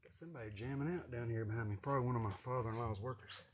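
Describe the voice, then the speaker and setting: Loud, swearing man. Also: mid-range voice, racing, a little hiss or hum. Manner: loud, swearing, self-amused, repeats words for emphasis. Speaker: vlogger and contractor. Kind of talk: casual profane monologue while working outdoors. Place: outdoor garden greenhouse.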